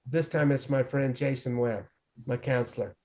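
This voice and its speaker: A man's voice: medium pitch, steady tone, moderate pace, a little mellow. A middle-aged man frankly telling his own recovery story as an interview guest, with self-deprecating humor. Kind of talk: candid personal storytelling.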